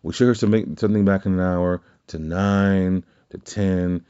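Low, mellow-voiced man telling stories. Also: fairly even intonation, normal speed, clear, resonant tone, muffled recording. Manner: rambling, profane, self-correcting. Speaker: podcast host. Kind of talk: casual storytelling chat.

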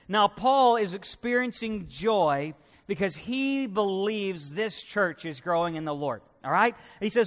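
High-voiced, slow, emphatic preacher. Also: male voice, lively intonation, long reverb tail. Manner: emphatic, swinging between loud highs and hushed lows. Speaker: pastor. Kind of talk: sermon.

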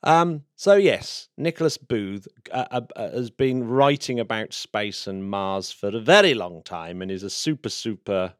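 A man co-hosting a podcast in casual chat, chatty and self-deprecating, quick to laugh. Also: lowish voice, animated, dry recording, studio quality. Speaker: podcast co-host.

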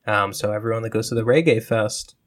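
A man's voice: on the low side, steady tone, a little fast. A man co-hosting a podcast in casual chat, rambling with plenty of fillers and swearing. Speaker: podcast co-host.

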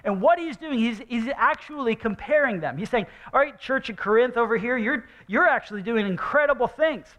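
High-voiced casual preaching man. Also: expressive, a little fast, hardly any pauses, fairly bright tone. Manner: casual, conversational preaching with sarcastic asides. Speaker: pastor. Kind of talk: sermon.

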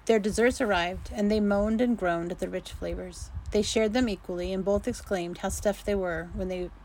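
A woman's voice: medium pitch, steady tone, mellow, a little hiss or hum, rough recording. Woman reading a romance story aloud. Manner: unhurried reading, restarts fumbled sentences. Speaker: narrator.

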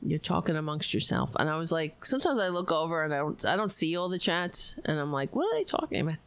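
Her voice is low but a bit bright and smooth, animated and a little fast, with no echo. She hosts a livestream and rants casually about politics into a close mic, swearing and being sarcastic.

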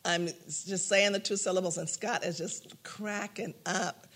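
Teaching a prayer class in a relaxed way, an older man spins personal anecdotes, performs other people's lines, and laughs a lot, an animated storyteller throughout. He speaks at a high pitch and an unhurried pace.

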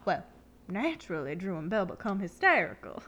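A woman's voice: mid-range voice, sing-song, fairly quick, a bit bright, highs cut off, voice pushed down. A woman voicing an old Southern lady from a stage play, with a put-on Southern accent and a dramatic, drawling way of telling a story. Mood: storytelling. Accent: American Southern.

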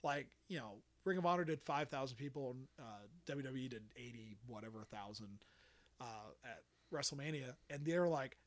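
With a mid-range voice at a moderate pace, this male podcast host tells stories during a laid-back chat. He's an animated storyteller who performs each line of quoted dialogue.

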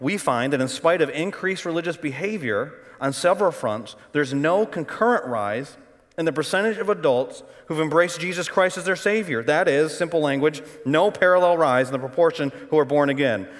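A middle-aged male pastor preaching a sermon, telling the story dramatically and shifting between loud bursts and hushed, quiet passages. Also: on the high side, normal speed. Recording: long hall reverb.

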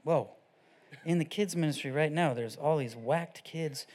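Man, preacher, high voice, casual animated sermon, quiet readings, loud bursts. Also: measured pace. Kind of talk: off-the-cuff sermon.

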